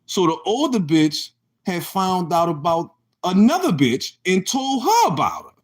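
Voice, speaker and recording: A man's voice: high-pitched, unhurried. A young adult man telling a casual, profanity-laced story about his own life, acting out the exchanges he describes. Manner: profane, animated, acts out quoted exchanges.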